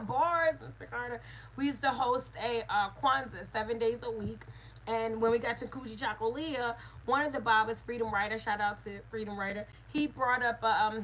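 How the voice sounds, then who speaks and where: A woman's voice: on the high side, a bit bright, a little hiss or hum, rough recording. Earnest woman teaching a spiritual lesson. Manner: earnest, repetitive teaching cadence. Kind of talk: spiritual lesson with call-and-response.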